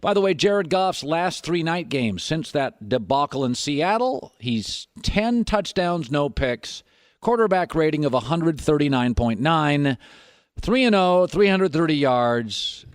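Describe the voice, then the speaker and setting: A man's voice: on the high side, lively intonation, a little slow, no echo, studio quality. A man hosting a sports talk radio show, making his points emphatically, with argumentative, sarcastic asides. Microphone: studio microphone.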